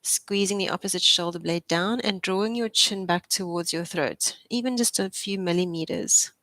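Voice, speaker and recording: A young woman physiotherapist coaches a live posture class with upbeat, chatty cues and easy laughter. Her voice sits a little low for a woman. The sound is close and dry, with no room echo. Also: moderate pace, a bit bright. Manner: encouraging, chatty, laughs often. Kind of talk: live exercise class instruction.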